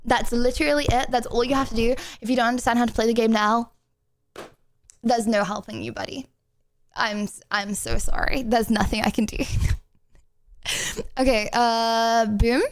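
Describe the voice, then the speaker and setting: A woman's voice: fairly high pitch, level tone, normal speed, pauses often. A woman streamer chatting casually with her live chat in a bubbly, rambling way while she plays a drawing game.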